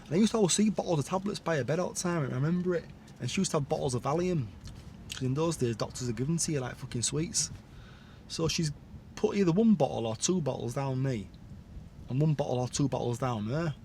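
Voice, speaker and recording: A man's voice: on the high side, quick pace, dark tone, slight background noise. A man telling his own life story in a candid, rambling monologue, full of blunt asides and tag questions.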